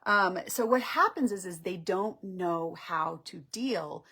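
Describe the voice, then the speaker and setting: A woman's voice: lowish voice, slow pace, creaky, sharp tone, breathy edge. A woman relationship coach explaining on a live stream in a conversational way, often checking in with "right?". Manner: conversational, acts out couples' lines, checks in with "right?".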